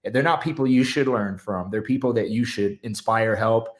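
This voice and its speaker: Guy on a podcast, kinda low voice, earnest, lots of "like" and "you know". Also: moderate pace. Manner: earnest, encouraging, many fillers like "you know". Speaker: podcast guest. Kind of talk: casual podcast chat.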